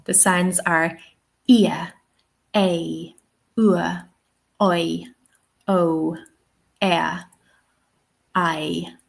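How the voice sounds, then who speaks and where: A woman with an Irish accent teaching an online webinar for language teachers, patient and checking in often with her listeners. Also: on the low side. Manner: patient, checks in often with "okay" and "all right". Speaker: TEFL trainer.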